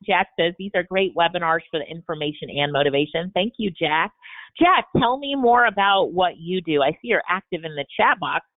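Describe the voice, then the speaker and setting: A woman's voice: on the low side, animated, a little fast. A woman hosting a live Q&A coaching session on a video call, upbeat and motivational. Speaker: webinar host. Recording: tinny phone-like webinar audio.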